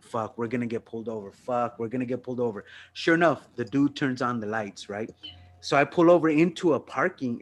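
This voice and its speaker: Man telling a profane story, medium pitch. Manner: loose, profane anecdote-telling with frequent "you know what I mean" and "right?". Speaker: podcast co-host and comedian. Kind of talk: casual storytelling chat.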